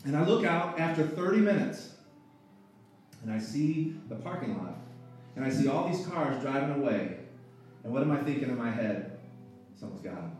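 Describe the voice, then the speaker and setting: A man in his thirties, a pastor, telling a personal story in a sermon with earnest emotion and halting restarts. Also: medium pitch, very animated, a little mellow. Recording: echoey hall, voice far from the mic, faint music.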